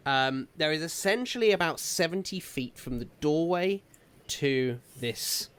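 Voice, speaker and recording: A man's voice: a little high, expressive, measured pace, a bit bright, clean tone. A man narrating a tabletop game as dungeon master, describing scenes with frequent fillers and hesitations.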